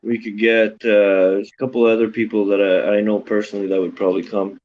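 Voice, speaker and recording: A laid-back man chats casually on a stream, tossing out slang. His voice sits low. The audio is dull and lo-fi. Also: flat delivery, brisk, a little hiss or hum. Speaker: stream chat participant. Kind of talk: casual chat.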